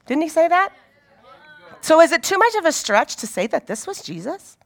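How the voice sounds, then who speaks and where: A woman's voice: extremely high pitch, very animated, moderate pace. A woman giving an informal Bible teaching in a conversational way, often asking her listeners rhetorical questions.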